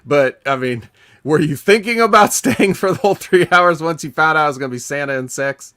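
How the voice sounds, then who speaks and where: A man hosting a casual podcast, talking in a rambling, halting way with many fillers and restarts. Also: fairly high pitch, a bit bright. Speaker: podcast host.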